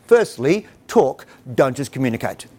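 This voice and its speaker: A man's voice: mid-range voice, moderate pace. A middle-aged man giving a humorous talk to parents, acting out bits of dialogue. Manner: animated storytelling, acts out dialogue. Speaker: speaker on parenting.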